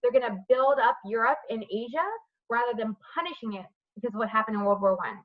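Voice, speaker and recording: On a video call, a woman lectures on history in a fairly high voice, talking fast and asking students questions by name. She often checks with "right?", and her computer mic produces lo-fi sound.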